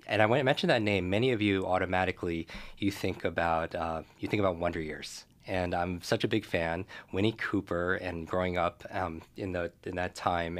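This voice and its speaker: A man hosting a podcast, chatting enthusiastically with his guest in a slow, deliberate way. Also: low voice. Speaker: podcast host. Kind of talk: casual interview chat.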